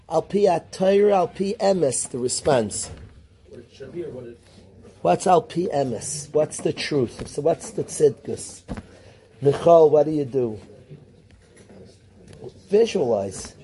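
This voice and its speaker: Man lecturing a classroom, higher voice, mellow tone, animated, calls on students. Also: slight background noise. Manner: mixes Hebrew and Yiddish terms into English. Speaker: yeshiva teacher.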